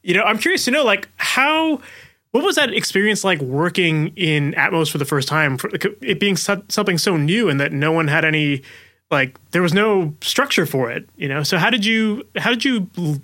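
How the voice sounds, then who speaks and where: A man's voice: sits high, lively intonation, moderate pace, pushed and bright. A man hosting a podcast, asking long, chatty questions full of "like" and "you know". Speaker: podcast host. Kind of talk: interview questions, casual.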